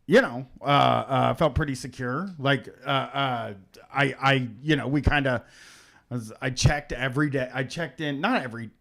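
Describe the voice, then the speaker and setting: A man's voice: mid-range voice, gravelly, a bit bright. A man hosting a casual radio talk show, rambling and stopping short to restart his sentences. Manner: rambling, halting, full of restarts. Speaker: podcast host.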